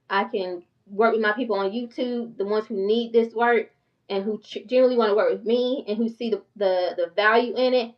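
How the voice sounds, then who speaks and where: A middle-aged woman talking casually to her viewers, chatty and candid, laughing often, as a financial coach. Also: medium pitch. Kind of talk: casual talk to camera. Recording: dull lo-fi sound from a distance.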